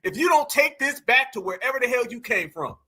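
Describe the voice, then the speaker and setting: A man's voice: very high voice, animated, brisk, pushed and bright, slightly rough. A male host giving mocking, indignant commentary on video clips and calling his viewers family.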